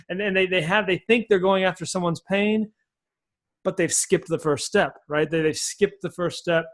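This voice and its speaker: Energetic, folksy man, slightly high voice. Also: moderate pace. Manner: energetic, folksy, repeats key phrases. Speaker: sales coach, podcast guest. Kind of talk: explaining in a podcast interview.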